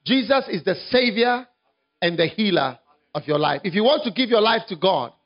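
High-voiced dramatic male preacher. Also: animated, moderate pace, muffled recording. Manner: dramatic, swings from hushed to shouting. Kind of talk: evangelistic sermon storytelling.

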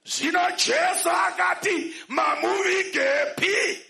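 High, shouting sermon interpreter. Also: male voice, slow pace, vocal fry, roomy sound. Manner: shouting, emphatic.

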